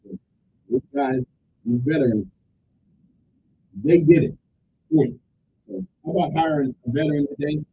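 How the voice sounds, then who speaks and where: A man's voice: normal speed, gravelly, long pauses. A middle-aged man, hosting a radio talk show in a joking, rambling monologue. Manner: joking, rambling, animated delivery. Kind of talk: casual call-in radio monologue. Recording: dull lo-fi radio sound with faint rumble.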